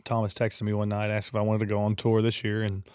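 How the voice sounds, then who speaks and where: A man's voice: lowish voice, monotone, quick pace, darkish tone, clean tone, no echo, clean studio sound. A man, a touring singer-songwriter, chatting casually as a podcast guest in a laid-back, rambling way, often saying "man". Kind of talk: casual interview chat.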